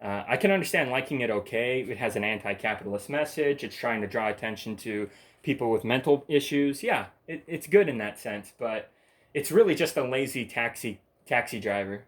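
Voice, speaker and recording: A man rants on his own in a loose, meandering monologue. He swears freely and bluntly, jumping from one gripe to the next with short laughs in between. His voice sits at an ordinary middle pitch. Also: lively intonation, a little fast. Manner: profane, blunt and rambling. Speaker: channel host. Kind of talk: rambling ranting monologue.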